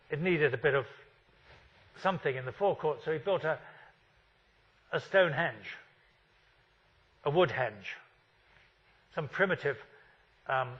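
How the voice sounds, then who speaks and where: Man, 50s, architecture lecturer, wry, rhetorical, husky, slightly high voice, muffled recording. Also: fairly bright tone. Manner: wry, full of rhetorical questions. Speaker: university lecturer.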